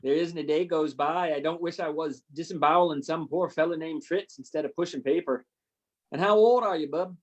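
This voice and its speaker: A man voicing a gruff older male army recruiting colonel in a put-on Canadian accent, brash and joshing. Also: fairly high pitch, fairly quick, natural voice.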